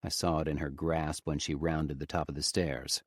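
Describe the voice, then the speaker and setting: A male audiobook narrator reading a first-person story in a grave, measured manner on a close studio mic. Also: very deep voice, flat delivery, no echo.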